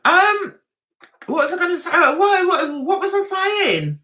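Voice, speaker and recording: A woman's voice: very high voice, lively intonation, unhurried, pushed and bright. A middle-aged woman with a London accent, hosting a casual livestream and chatting, teasing and giggling with her viewers. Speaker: livestream host.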